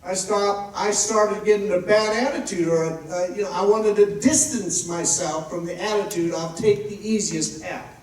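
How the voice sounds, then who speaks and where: A male pastor preaches with emphatic repetition, his voice set a little high for a man. He is heard from a distance in a roomy church hall, and the sound carries a clear echo. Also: fairly even intonation, normal speed, few pauses. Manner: emphatic and repetitive, building to fervent. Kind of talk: sermon.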